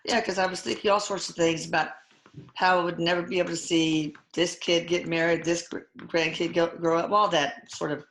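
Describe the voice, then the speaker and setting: A woman's voice: lowish voice, little pitch movement, fairly bright tone, reverberant. An older woman in casual conversation as host, retelling a hard experience with many halts and restarts. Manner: halting, emotional retelling with restarts. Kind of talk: casual chat.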